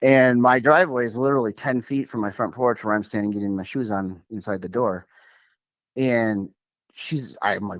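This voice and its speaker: Man, lowish voice, animated storytelling, filler-heavy, dry muffled recording. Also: no room sound. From Minnesota. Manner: animated, fast, lots of fillers like "like" and "um". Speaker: guest telling an encounter. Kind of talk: casual storytelling over a call.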